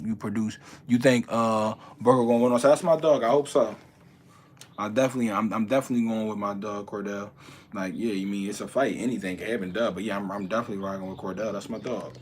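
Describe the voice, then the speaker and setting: A young man, a boxer casually answering viewer questions, swinging from loud incredulous ranting to low mumbled advice. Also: slight background noise. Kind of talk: casual livestream chat.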